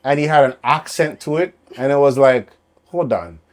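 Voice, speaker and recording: A man co-hosting a podcast, telling animated stories in casual chat and acting out the people in them. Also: mid-range voice, fairly quick. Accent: Canadian. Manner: animated storyteller acting out customer quotes. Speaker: podcast co-host.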